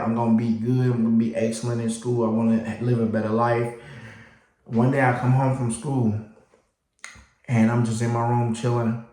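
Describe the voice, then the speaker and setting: Speaking casually to the camera in an echoey room, a man recounts his life story as a lively storyteller, his voice leaping high whenever he plays his younger self.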